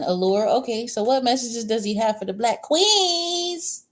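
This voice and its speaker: A woman's voice: fairly high pitch, expressive, a little slow. A woman giving a casual livestream tarot reading. She rambles, answers viewer comments, and talks bluntly and crudely, with frequent chuckles between remarks. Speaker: tarot reader.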